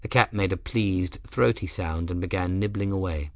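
A man narrating an audiobook in an expressive, measured way. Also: low-pitched, dry recording, studio quality. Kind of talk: scripted narration.

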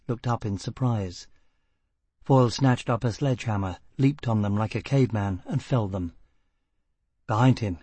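A man reads a tense novel aloud in a steady narrator's manner. His voice is husky and mid-pitched. The sound is dry and close to the mic. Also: no echo. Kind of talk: audiobook narration.

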